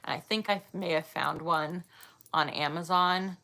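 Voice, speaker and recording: Chatty vlogger in her thirties, bright edge to the voice, laughs a lot. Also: fairly low pitch, fairly even intonation, measured pace, vocal fry. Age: 30s. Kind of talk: casual chat reading viewer comments.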